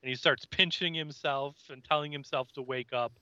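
A man's voice: mid-range voice, steady tone, normal speed, sharp tone, clear, resonant tone, no echo, highs cut off. A man co-hosting a podcast, chatting casually as he recaps an episode and acts out the characters' lines. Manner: retells scenes, acting out character lines. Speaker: podcast co-host.

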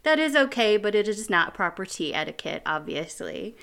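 A woman's voice: mid-range voice, very animated, normal speed, few pauses, a bit bright, clear, resonant tone. An American woman co-hosting a podcast, chatting casually and giggling, with lots of "like" and "um". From United States. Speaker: podcast co-host. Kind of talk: casual chat.

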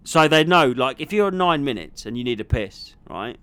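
A young man, a comedian, chatting casually on a podcast and telling a heated backstage story with animated retelling. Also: medium pitch, moderate pace, clear, resonant tone. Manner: animated storytelling, acts out arguments, repeats himself when worked up. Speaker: stand-up comedian and podcast co-host.

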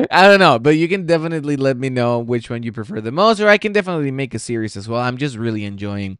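A man's voice: medium pitch, big pitch swings, fast talker, hardly any pauses, fairly bright tone, clean tone, no echo, clean studio sound. A man hosting a solo podcast, talking reflectively and asking his listeners many questions. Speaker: podcast host.

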